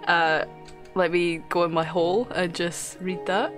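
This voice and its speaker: A woman's voice: lowish voice, fairly even intonation, unhurried, over music. A young woman streaming a game live, chatting casually, swearing often and laughing as she thanks viewers.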